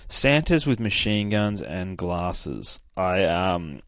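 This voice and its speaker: Man, low voice, hungover, profane rambling podcast recap, dry sound. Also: very animated, slow pace, no room sound. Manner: rambling, profane, full of fillers. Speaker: podcast host. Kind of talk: casual comic book recap.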